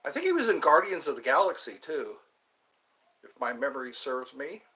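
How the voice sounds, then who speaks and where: A man's voice: mid-range voice, very animated, normal speed, pushed and bright, low-quality recording. A man in his fifties from the United States, hosting a live stream and chatting in a meandering way, full of asides and restarts. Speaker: livestream host. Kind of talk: rambling live-stream chat.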